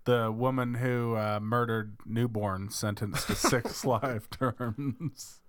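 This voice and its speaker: A man's voice: mid-range voice, fairly even intonation, slow, a little hiss or hum. A man co-hosting a podcast in casual chat, speaking in a dry, offhand and blunt way. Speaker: podcast co-host.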